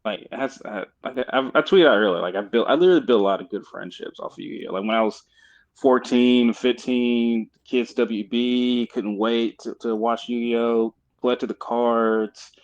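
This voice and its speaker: A man in his thirties co-hosting a podcast, telling stories in an animated way and laughing easily. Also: mid-range voice, normal speed. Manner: animated storyteller, laughs easily, says "yeah" a lot. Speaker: podcast co-host. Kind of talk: casual chat. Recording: dull lo-fi mic.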